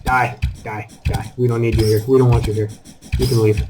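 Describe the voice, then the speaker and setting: A man giving casual commentary over his own gameplay, taunting enemies and breaking into high exclamations. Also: fast, noisy background. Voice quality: calls his own voice squeaky. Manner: animated, talks to enemies, jumps to high exclamations. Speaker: gaming channel host.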